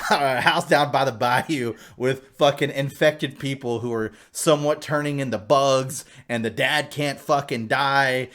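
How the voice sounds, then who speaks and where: A man co-hosting a podcast, telling a story in casual chat with lots of swearing, fillers and excited asides. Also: mid-range voice. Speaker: podcast co-host.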